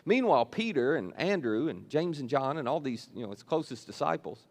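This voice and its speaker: A man's voice: medium pitch, very animated, a little fast. A man preaching a sermon as a church pastor, telling the scripture story in a casual, conversational way. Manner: storytelling, retells scripture in casual modern paraphrase.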